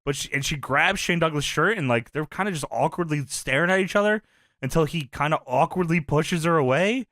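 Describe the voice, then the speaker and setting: A man casually recapping an old wrestling show, swearing freely, laughing often and loudly acting out the quotes. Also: fairly high pitch, a little fast, dry recording, studio quality. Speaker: podcast co-host recapping wrestling.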